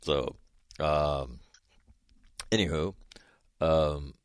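Very deep-voiced man rambling casually. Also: extremely slow, no room sound, studio quality. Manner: rambling, lots of fillers and restarts, laughs at own stories. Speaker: podcast host. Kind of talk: casual storytelling monologue.

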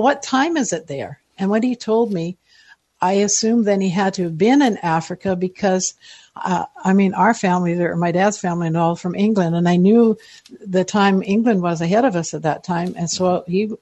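A woman's voice: lowish voice, warm tone, dry recording. A woman in her seventies, a guest telling long rambling stories in casual interview chat, chatty and self-deprecating. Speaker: listener guest.

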